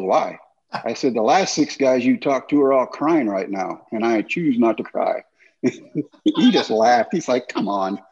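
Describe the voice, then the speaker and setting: A husky, mellow-toned man in his fifties spins animated stories as a guest, acting out what others said to him. His voice has a soft, relaxed warmth with a grainy edge. It comes through slightly dull video-call audio. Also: medium pitch. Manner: animated anecdotes with acted-out quotes. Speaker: guest, former baseball pitcher. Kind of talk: storytelling in casual chat.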